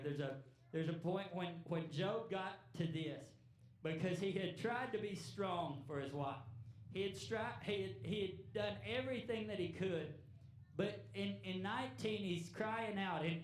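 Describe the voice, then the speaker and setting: Man, preacher, halting and earnest, highish voice, echoey church hall, far from the mic. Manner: halting, repeats words, earnest. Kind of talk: sermon. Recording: echoey room, voice from afar.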